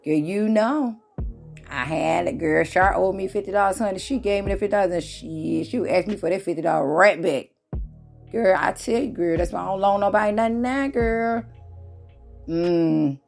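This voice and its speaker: Woman vlogger, fairly low voice, lively and preachy, soft music behind. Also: normal speed, vocal fry. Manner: animated, preachy, addresses viewers as y'all. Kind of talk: casual motivational talk to viewers.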